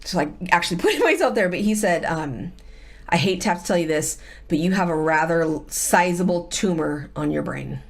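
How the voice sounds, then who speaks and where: A middle-aged woman with a fairly low voice tells her story in a candid, conversational way. She brings it to life by acting out the lines of the people she quotes, and her pitch swings widely as she goes. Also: fairly quick, vocal fry. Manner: animated, acts out quoted voices. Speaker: guest, host's wife.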